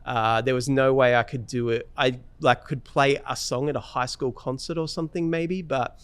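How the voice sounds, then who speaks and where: A man with an Australian accent tells stories in a relaxed, rambling interview style. His voice is smooth and resonant at a middle pitch. The sound is dry and close to the mic. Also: normal speed, no echo. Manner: relaxed storytelling with many fillers and restarts. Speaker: guest guitarist. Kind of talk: casual interview chat.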